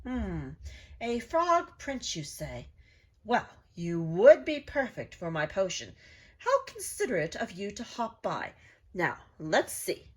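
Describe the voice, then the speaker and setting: A woman's voice: mid-range voice, huge pitch swings, slow, slightly rough, exaggerated voice. A woman voicing a sly, scheming witch who cackles and draws her words out, from a storybook reading.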